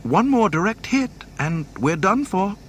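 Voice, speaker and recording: A man's voice: sing-song, a little slow, fairly bright tone, slight background noise, full character voice. A man voicing a fussy, anxious male protocol droid, in a nervous, hesitant way. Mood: alarmed. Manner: nervous, hesitant, high-strung.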